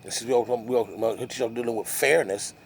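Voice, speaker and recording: A man's voice: medium pitch, brisk, slight background noise. A man vlogging to camera, telling a rambling story in a casual, musing way with frequent restarts.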